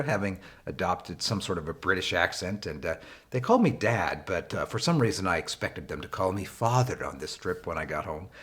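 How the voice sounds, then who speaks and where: A man teaching leadership through a personal story, talking conversationally with frequent fillers and wry emphasis. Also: fairly bright tone. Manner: rises in pitch for wry emphasis. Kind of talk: anecdotal storytelling lesson.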